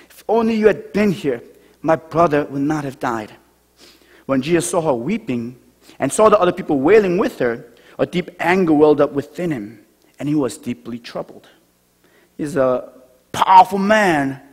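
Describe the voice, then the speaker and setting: A man preaching a sermon in a church, his voice sitting a little high with a husky edge. He talks to the congregation conversationally, then falls to a soft hush on key lines. The sound hangs in the long reverb of a large hall. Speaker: pastor. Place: church sanctuary.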